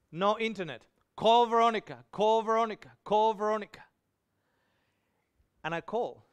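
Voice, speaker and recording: Man preaching a story, high smooth voice, lively, does the voices of people he quotes. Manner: animated, acts out quoted voices. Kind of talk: storytelling sermon.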